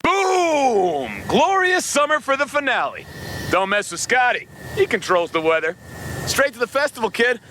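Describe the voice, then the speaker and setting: An actor playing a cheerful racing festival veteran in a game, upbeat and self-deprecating. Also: male voice, extremely high pitch, big pitch swings, moderate pace, full character voice. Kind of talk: game dialogue. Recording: voice over loud racing game noise. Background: car engines and tire noise.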